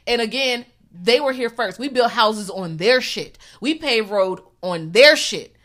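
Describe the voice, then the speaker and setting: A woman co-hosting a casual talk show, retelling a film with profane, animated storytelling. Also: fairly high pitch, unhurried. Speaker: podcast co-host. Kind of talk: casual chat, movie recap.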